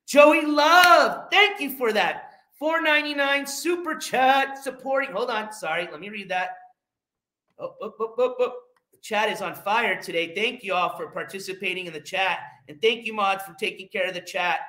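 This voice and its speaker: A man with a high, pushed, bright voice hosts a livestream, mocking a rival and thanking viewers for their donations as he loads clips. His tone turns from mocking to muttering while he fiddles with files. The audio is poor, with a roomy sound.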